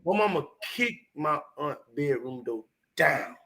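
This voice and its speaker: A man in his fifties from Chicago, speaking with a high, bright voice. He tells stories from his childhood in a lively, swearing, emphatic manner and keeps pressing each point hard. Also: a little slow, vocal fry. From Chicago, United States. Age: 50s. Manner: animated, profane, emphatic. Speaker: comedian guest. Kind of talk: candid storytelling.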